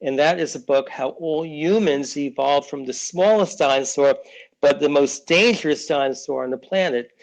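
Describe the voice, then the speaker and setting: A man's voice: fairly high pitch, normal speed, creaky, rough recording. Rambling man telling stories in his 60s. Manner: rambling, many restarts, acts out family voices. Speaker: children's book author, guest. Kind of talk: casual interview talk.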